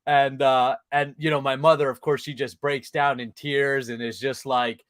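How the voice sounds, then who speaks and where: A man's voice: medium pitch, little pitch movement, moderate pace, fairly bright tone, no echo. A man hosting a casual podcast conversation as a men's coach, talking bluntly with emphatic, punchy delivery and frequent swearing.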